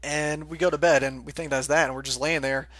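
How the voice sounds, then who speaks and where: A man's voice: a little high, fairly even intonation, brisk, a bit bright, no room sound. Laughing young man telling a story. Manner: laughs often, swears freely, rambling. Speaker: forum moderator telling a story. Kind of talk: casual storytelling commentary.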